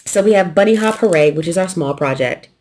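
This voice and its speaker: Woman host with a light Southern twang, lowish voice, chatty and loose, slurs some consonants. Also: fairly quick. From New York. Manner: relaxed, rambling, swallows consonants. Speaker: quilting channel host. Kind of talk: casual unboxing chat.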